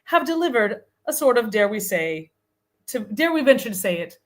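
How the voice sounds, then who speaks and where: A genteel Southern lady with an affected Southern drawl, put on by a woman reading a comic email aloud. She speaks slowly and in ornate, flowery phrases, and her pitch swoops widely and expressively. The effect is grand and mock-stately. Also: big pitch swings. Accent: American Southern, affected.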